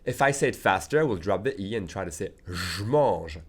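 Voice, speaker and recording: A man's voice: low voice, expressive, brisk, slightly rough. Patient man teaching a language lesson. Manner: patient, methodical, often checking in with "okay?". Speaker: French teacher.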